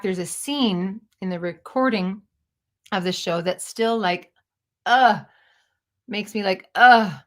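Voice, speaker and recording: A woman's voice: medium pitch, fairly bright tone. Earnest woman in her fifties. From Canada. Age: 50s. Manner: earnest, searching, self-questioning. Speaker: storyteller and stage performer. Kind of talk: reflective personal monologue.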